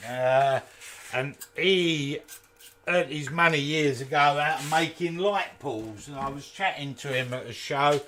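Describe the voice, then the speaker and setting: Bright-voiced chatty man in a workshop. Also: fairly high pitch, measured pace. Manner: chatty, jokey asides to viewers. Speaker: woodturner and channel host. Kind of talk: casual live workshop demonstration. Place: home workshop.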